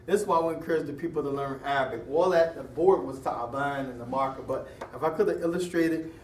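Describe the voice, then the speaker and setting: A man teaching an Islamic lesson in a casual classroom style, animated, mixing Arabic terms into his English. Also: medium pitch, a little fast, reverberant, distant mic, slight background noise. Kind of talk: classroom lecture with questions.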